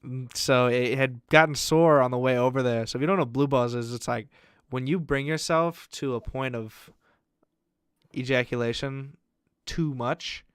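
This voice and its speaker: A man's voice: mid-range voice, fairly even intonation, normal speed, fairly bright tone, clean tone, dry recording, clean studio sound. A young man co-hosting a podcast, telling crude stories in a rambling way, full of fillers. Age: young adult. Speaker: podcast co-host. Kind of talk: casual podcast storytelling.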